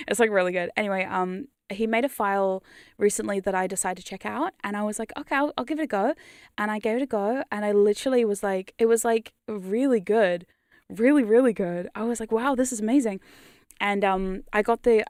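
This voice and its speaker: A woman's voice: mid-range voice, darkish tone, dry recording, studio quality. A woman chatting casually on a livestream as a hypnosis creator, rambling playfully, laughing often and swearing freely. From New Zealand. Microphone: studio condenser mic.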